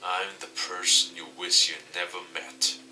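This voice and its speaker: A man voicing a mysterious young woman from a game, speaking softly and wistfully. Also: low-pitched, completely flat delivery, unhurried, heavily acted. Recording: distant mic with faint music.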